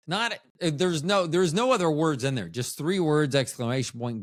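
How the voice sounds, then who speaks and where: A man's voice: on the high side, a little slow, few pauses, dry recording, clean studio sound. A man hosting a casual solo podcast, rambling and joking at his own expense. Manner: rambling, joking, self-mocking. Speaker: podcast host.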